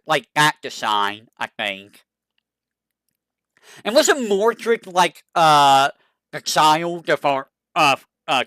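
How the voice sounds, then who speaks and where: A VTuber streamer chatting casually, musing aloud, asking itself questions and reading character bios haltingly. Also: medium pitch, sharp tone, no room sound. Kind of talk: casual stream chat, browsing game characters.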